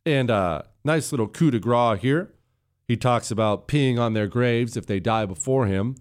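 A man's voice: medium pitch, moderate pace. A man hosting a radio talk show, delivering impassioned political commentary into a studio microphone. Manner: impassioned, building to heated emphasis.

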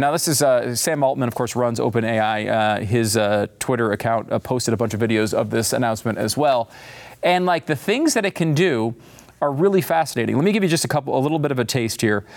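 A man hosting a show, giving excitable, rambling commentary on a tech demo. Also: medium pitch, brisk, creaky. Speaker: host. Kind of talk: casual commentary.

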